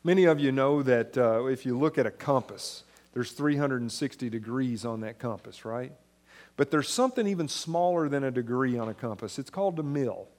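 A male pastor preaching a sermon in a conversational way, rising to emphatic points and dropping soft and low. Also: expressive, normal speed.

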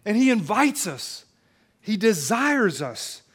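A man's voice: high-pitched, big pitch swings, slow, fairly bright tone, breathy edge. A male pastor giving an emphatic, conversational sermon in a church, often repeating phrases for weight. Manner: emphatic, conversational preaching with repetitions.

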